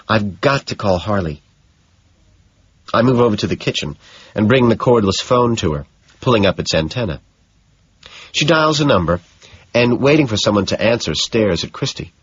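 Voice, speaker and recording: A man reads first-person audiobook narration in a measured, even delivery. His voice sits very low and carries a husky grain. The sound is dry and somewhat muffled. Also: no room sound.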